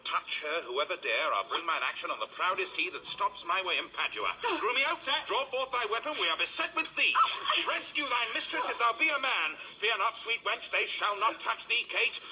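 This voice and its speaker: A bold, swaggering bridegroom barking Shakespearean verse in a stage recording. The voice is high and bright, swinging wildly in pitch, over a faint hiss. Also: male voice, big pitch swings, normal speed, hardly any pauses, exaggerated voice, rough recording. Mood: commanding. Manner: declaiming Shakespearean verse theatrically. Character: Petruchio, a swaggering domineering bridegroom.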